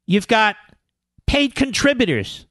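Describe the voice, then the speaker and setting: A man's voice: high voice, very animated, takes it slowly, a bit bright, dry recording, clean studio sound. A male talk radio host delivering a combative, sarcastic political monologue, mocking his critics with impressions.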